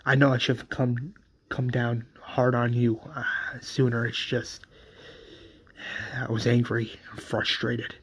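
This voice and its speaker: A man voicing a remorseful male scientist mentor, speaking in a halting, earnest, soft way. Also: medium pitch, monotone, slightly rough.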